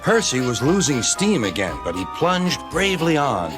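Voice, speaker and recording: A man narrating a children's story in a lively, expressive manner. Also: a little high, normal speed, music in the background.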